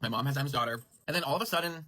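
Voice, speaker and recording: Casting: man, quick rambling storyteller, bright and husky voice, dry close sound. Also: medium pitch, dry recording. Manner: rambling, heavy use of "like", frequent self-corrections. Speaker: dog grooming salon owner telling a story. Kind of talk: casual storytime monologue.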